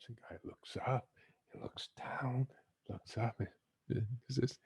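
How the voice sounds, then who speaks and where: A man hosting a guided-imagery talk, a gentle, unhurried storyteller who chuckles as he teaches. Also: mid-range voice, slightly rough, no echo. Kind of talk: reflective talk with teaching stories.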